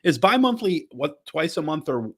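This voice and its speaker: A man's voice: fairly high pitch, very animated, moderate pace, fairly bright tone, slightly rough. A man hosting a casual podcast, rambling with frequent restarts and the occasional swear word. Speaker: podcast host. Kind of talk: casual chat.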